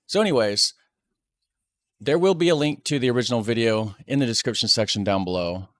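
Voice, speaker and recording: American man, casual reaction talk, relaxed, chatty, dry close-miked sound. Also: mid-range voice, fairly quick, dry recording. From United States. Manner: relaxed, chatty, laughs often. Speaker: YouTube reactor.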